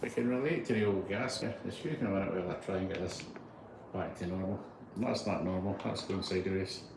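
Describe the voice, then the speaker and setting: A man's voice: deep voice, fast talker, gravelly, noisy background. A Scottish man in his sixties giving a rambling, chatty walking-tour vlog with a phone on a gimbal, poking fun at himself. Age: 60s. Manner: chatty, rambling, self-deprecating. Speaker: vlogger. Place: outdoor heritage museum grounds. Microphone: handheld phone on gimbal.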